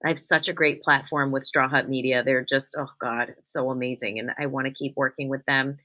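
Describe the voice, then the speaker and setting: A woman's voice: a bass voice, fairly even intonation, a little fast, sharp tone. A woman hosting a solo spiritual podcast, earnest and encouraging as she talks straight to her listeners. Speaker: podcast host, spiritual medium.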